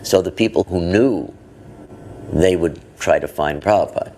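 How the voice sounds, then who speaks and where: A man recalling past events as a devotee, thoughtful and pausing. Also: deep voice, darkish tone, slight background noise. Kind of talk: reflective recollection.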